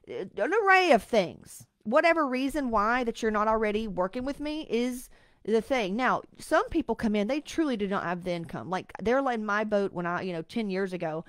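A woman's voice: mid-range voice, dry recording. A woman hosting a motivational podcast, talking bluntly and swearing freely, with sudden emphatic bursts. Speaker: podcast host and coach.

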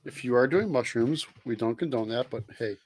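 A man's voice: mid-range voice, brisk, a little mellow, husky. A man co-hosting a casual sports podcast livestream, laid-back, cracking crude jokes in short quips. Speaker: podcast co-host.

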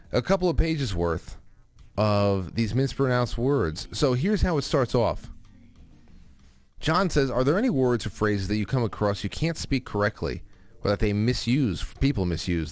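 A man with a Northeastern US accent hosts a casual talk show in a somewhat low voice. He rambles and reads listener comments aloud with offhand asides. Faint music plays underneath. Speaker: podcast host.

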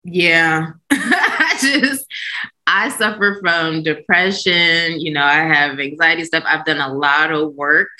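A woman's voice: low voice, slow pace, low-quality recording. A woman speaking openly and animatedly in a casual podcast chat. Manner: open, animated, emphatic storytelling.

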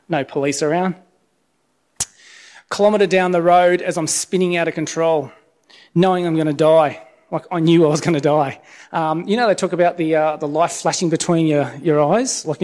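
A man's voice: fairly high pitch, darkish tone. Man preaching, "okay?" after lines. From Australia. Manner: conversational, tags lines with "okay?". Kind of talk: informal sermon with personal testimony.

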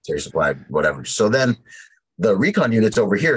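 Husky-voiced man telling a war story. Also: lowish voice, sing-song, fairly quick, low-quality recording. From United States. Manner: rambling war story with many fillers and acted quotes. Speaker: podcast guest. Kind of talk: casual storytelling.

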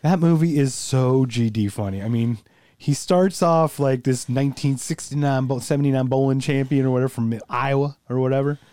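A man's voice: mid-range voice, moderate pace, mellow, no room sound, studio quality. A man co-hosting a casual podcast, chatting in profane, laughing banter about movies. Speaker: podcast co-host. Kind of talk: casual chat.

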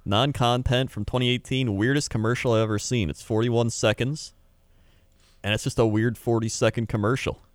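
A man's voice: mid-range voice, fairly even intonation, moderate pace, dry recording. A man, a content creator, chatting casually in a laid-back, jokey way. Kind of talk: casual chat.

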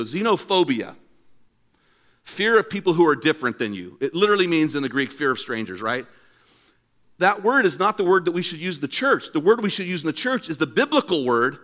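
Older man, pastor, church sermon, storytelling, bright forceful voice. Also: fairly high pitch. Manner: animated storytelling preacher, acts out quotes.

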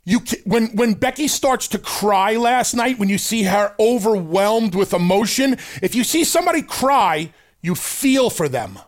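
A high-pitched man co-hosting a wrestling talk show, ranting with emphasis and energy. He talks in a casual, heated way, pressing his points hard. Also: expressive, measured pace, few pauses. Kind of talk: casual chat.

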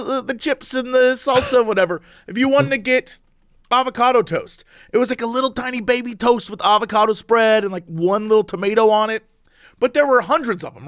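A man co-hosting a podcast in casual chat, telling rambling, animated stories. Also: extremely high pitch, dry recording, studio quality. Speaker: podcast co-host.

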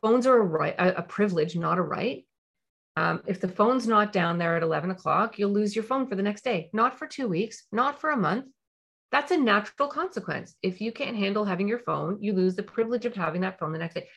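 A woman's voice: medium pitch, lively intonation, brisk, a bit bright. Emphatic woman parenting coach. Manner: emphatic, repeats for stress. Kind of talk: explanatory coaching talk.

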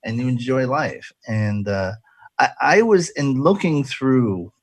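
A man's voice: medium pitch, expressive, slow pace, husky, dry recording. A man hosting a casual radio talk show, chatty and jokey, rambling with restarts.

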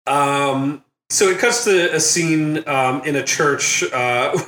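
A man hosts a laid-back movie recap podcast in a somewhat high, bright voice. He laughs often and jumps into loud, high-pitched impressions when he quotes scenes. The room around him sounds echoey. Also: takes it slowly. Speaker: podcast host.

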